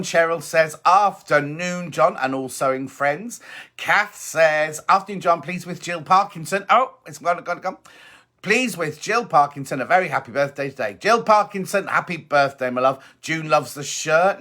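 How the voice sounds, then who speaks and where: Man, middle-aged, fairly high voice, bright and forceful, chatty live-stream host. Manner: chatty, teasing and affectionate, reads messages aloud. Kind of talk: casual live-stream chat reading out viewer comments.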